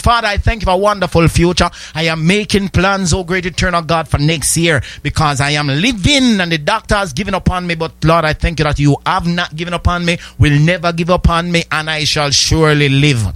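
A man preaching with fervor, stacking one repeated declaration on another and pushing toward a shout. His voice sits a little high for a man. The sound is close and dry, with no room around it. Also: a little fast, few pauses, no room sound. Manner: rhythmic, repetitive declarations, rising to shouts. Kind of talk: sermon.

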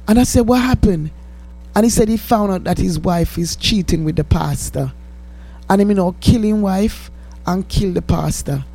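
A woman's voice: medium pitch, moderate pace, dark tone. A woman with a Jamaican accent hosting a radio ministry and preaching a testimony, fervent and pleading, slipping into patois.

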